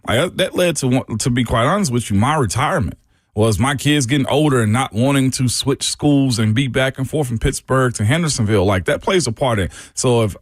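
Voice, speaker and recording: A man co-hosting sports talk radio, a former pro player, talking in a relaxed, thoughtful, rambling way. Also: mid-range voice, a little fast, no room sound, clean studio sound. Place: radio studio.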